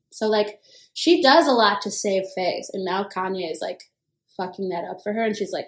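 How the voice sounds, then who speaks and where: A young woman co-hosting a casual gossip podcast, animated and swearing freely, acting out quotes. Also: moderate pace, echoey room. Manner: animated, acts out quotes with bursts of higher pitch. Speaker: podcast co-host.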